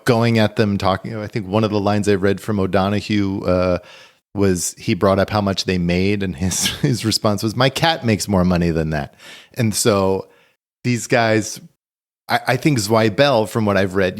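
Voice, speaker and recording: Low-voiced man telling a story. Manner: rambling storyteller, retells anecdotes with many fillers. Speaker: podcast co-host. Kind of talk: casual podcast chat.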